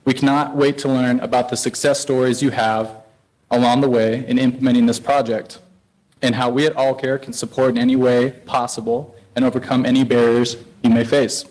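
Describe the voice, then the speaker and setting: A man's voice: medium pitch, little pitch movement, brisk, a little mellow, poor audio. A man representing a community health partner, reading formal prepared remarks at a public meeting. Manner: formal, read-out, with occasional uh fillers.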